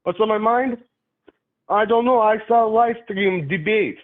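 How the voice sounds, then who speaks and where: A man, calling in and answering in halting, broken English. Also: high-pitched. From Russia. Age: 30s. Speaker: caller. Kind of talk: call-in conversation. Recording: tinny phone line.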